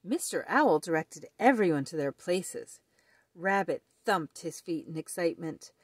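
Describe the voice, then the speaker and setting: Woman reading a picture book aloud, low-ish voice, dry close recording. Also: dry recording. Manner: slow, expressive reading. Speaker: storyteller. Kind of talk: children's read-aloud.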